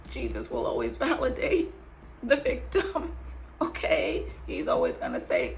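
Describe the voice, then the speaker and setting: A woman's voice: a little high, huge pitch swings, normal speed, a little hiss or hum. A woman giving an earnest faith-based talk, emphatic, dropping into whispers and laughing between phrases. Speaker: survivor sharing testimony.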